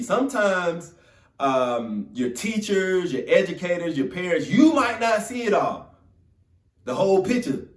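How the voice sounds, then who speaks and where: A young man from Florida telling a motivational story in an animated, casual, conversational way. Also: sits high, moderate pace. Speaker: motivational speaker. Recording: roomy sound from a distant mic.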